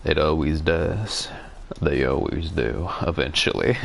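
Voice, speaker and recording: A man's voice: low-pitched, unhurried, vocal fry, a little hiss or hum. A man streaming a game, talking to himself in a casual, wry, musing way, congested from a cold. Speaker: gaming streamer. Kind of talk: casual solo gameplay commentary.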